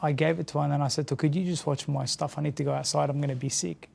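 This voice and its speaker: An Australian man recounting a hard personal story in an interview, in a halting, earnest way that often repeats words and restarts. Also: fairly high pitch, steady tone, gravelly, darkish tone. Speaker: interview guest. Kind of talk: emotional personal account in an interview.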